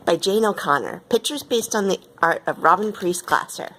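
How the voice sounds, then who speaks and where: A woman reading a children's picture book aloud in an expressive way. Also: lowish voice, moderate pace, background noise. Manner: expressive, with lively quoted lines. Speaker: storyteller.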